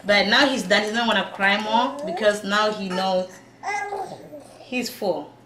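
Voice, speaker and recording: At home, an African woman with twins demonstrates feeding her baby, talking in a chatty way with frequent laughter and lots of "you see." She speaks at a measured pace in a mid-range voice, recorded in a roomy space with faint noise.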